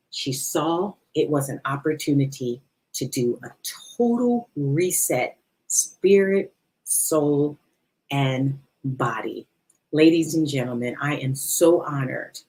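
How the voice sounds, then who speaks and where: Woman, low voice, podcast host, chatty and playful, headset mic. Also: low-quality recording. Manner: chatty, playful, laughs often. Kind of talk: casual chat. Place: studio under lights.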